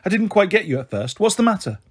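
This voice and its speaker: A man's voice: sits high, very animated, fast, slightly rough, full character voice. A man voicing a kindly middle-aged woman who speaks soothingly and calls people dear, in a storybook reading.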